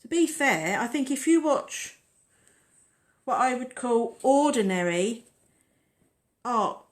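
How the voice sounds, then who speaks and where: A woman's voice: a little high, animated, takes it slowly. A woman hosting a casual nail-art tutorial, chatting and rambling as she works on the nails. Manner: chatty, rambling, talks while working.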